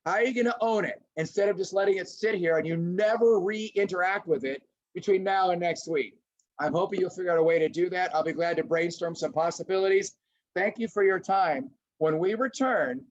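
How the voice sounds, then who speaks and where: A middle-aged man presenting a lively webinar lecture to teachers, acting out little scenes as he goes. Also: high voice, normal speed. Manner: animated, acts out little scenes in voices. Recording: dull lo-fi webinar audio.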